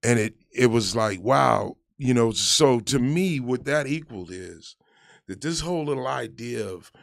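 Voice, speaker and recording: A man with a gravelly, middle-pitched voice tells army stories in a loose, animated way, and he acts out the yelled lines of the people in them. The recording is dry and close to the mic, with no room sound. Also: a little slow, dry recording. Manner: animated storyteller, acts out quoted shouts. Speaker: army veteran guest. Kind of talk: casual storytelling chat.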